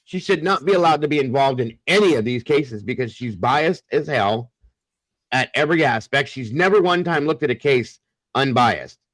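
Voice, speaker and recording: Male host, mid pitch, blunt and profane, dry close audio. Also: animated, normal speed, a bit bright, no echo, poor audio. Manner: blunt and profane when heated. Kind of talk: casual chat.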